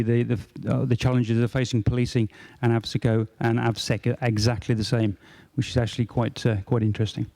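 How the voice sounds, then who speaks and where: A man in his fifties speaking as a conference panelist. His delivery is measured and a little hesitant, peppered with fillers as he gathers his thoughts, at an ordinary mid pitch. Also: warm tone. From United Kingdom. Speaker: panelist, aviation academy manager.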